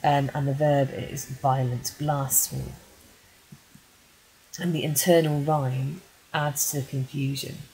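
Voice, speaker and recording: A woman with a low voice talks through a poem as a teacher would, reading it first and then explaining it. She is measured and patient, with many small ums between points. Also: flat delivery, a little mellow, breathy edge, rough recording. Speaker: English teacher. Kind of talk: poetry analysis lesson.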